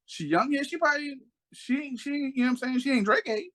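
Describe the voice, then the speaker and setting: Animated man telling stories. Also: extremely high pitch, fast talker. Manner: animated storyteller, acts out quotes in raised voices. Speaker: podcast co-host. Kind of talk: casual chat.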